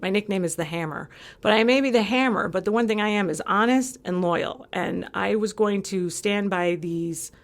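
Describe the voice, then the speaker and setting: During a casual podcast chat, a female guest from California animatedly recounts a story, playing both parts of each back-and-forth. She speaks at a moderate pace in a medium-pitched voice.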